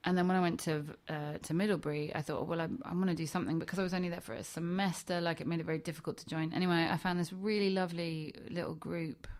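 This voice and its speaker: A middle-aged woman with a London English accent, telling stories from her past in a relaxed interview, often acting out what others said. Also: fairly low pitch, fast talker, few pauses. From England. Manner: chatty, lively quoting of others. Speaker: guest actor. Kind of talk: casual interview storytelling.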